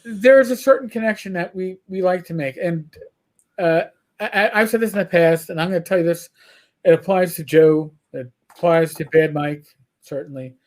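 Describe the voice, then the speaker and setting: On a casual livestreamed podcast, a New York-accented co-host talks at a moderate pace in a voice that sits high. He rambles and swears freely, animatedly telling stories along the way.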